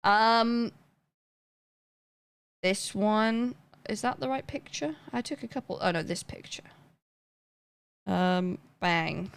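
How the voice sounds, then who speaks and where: A woman's voice: mid-range voice, slow, gravelly, long pauses, smooth. A young woman livestreaming, chatting casually and rambling as she reads chat aloud and thanks viewers.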